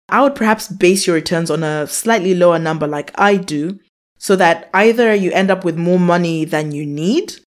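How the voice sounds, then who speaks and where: A woman in her thirties hosting a finance podcast, talking through calculations step by step in an upbeat, explanatory way. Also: mid-range voice. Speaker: podcast host. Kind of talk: scripted finance podcast monologue.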